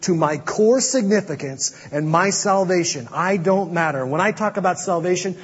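A man preaching a sermon as pastor, earnest, dropping to a hush to press his points. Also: high voice, moderate pace, slightly rough. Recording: dull audio with long hall reverb.

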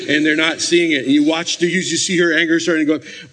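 A man preaching a sermon, telling stories with lively energy and acting out scenes. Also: fairly high pitch, fairly quick, hardly any pauses. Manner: animated storytelling, acting out scenes.

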